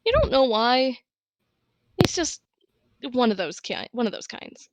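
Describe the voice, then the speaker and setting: A woman narrating a tabletop game as game master, in a casual way with quiet asides. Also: a little high, very animated, measured pace, no echo.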